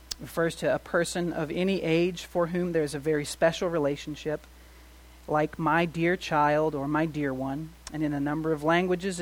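A middle-aged male pastor preaching a sermon. He swings from soft to loud and asks the congregation rhetorical questions. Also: a little high.

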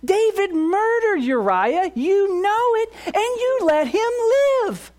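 A preacher voicing Satan as a male accuser, condemning and mocking in a raised, shrill voice. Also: sing-song, slow, darkish tone, full character voice. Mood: accusing.

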